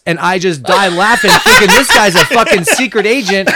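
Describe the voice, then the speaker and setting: A man from Texas, co-hosting a podcast, chatting casually about a movie with jokes, swearing and lively storytelling. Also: high voice, quick pace, hardly any pauses. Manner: joking, swearing, animated storytelling. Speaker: podcast co-host. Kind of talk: casual movie-review chat.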